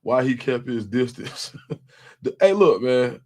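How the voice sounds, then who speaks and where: A man's voice: medium pitch, moderate pace. A young man hosting a live stream, chatting casually in slang and reacting to viewers' comments. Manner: animated, slangy, reads chat comments aloud.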